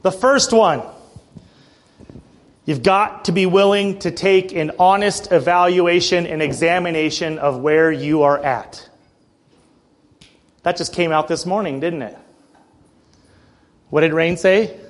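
A man preaching a sermon in a church, passionate, with joking asides and frequent throat clearing. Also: fairly high pitch, a little slow, long pauses.

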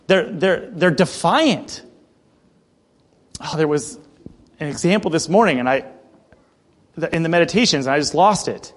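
A man's voice: fairly high pitch, lively intonation, a little slow, pauses often. A man preaching a conversational sermon, reading scripture aloud and explaining it with casual asides. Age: adult. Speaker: pastor. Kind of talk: expository sermon.

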